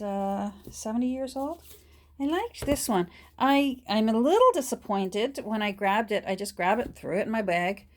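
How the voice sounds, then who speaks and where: A middle-aged woman with a mid-range voice talks casually as she works, displaying a book haul to her phone. She keeps restarting sentences and drops to a whisper while showing pages, with slight background noise.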